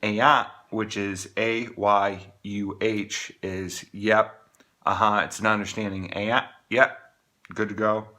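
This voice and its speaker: Man, vlogger from Maine, bright forceful voice, lowish pitch, halting and rambling. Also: little pitch movement. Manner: rambling, halting, many restarts and fillers. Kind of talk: casual talk to camera.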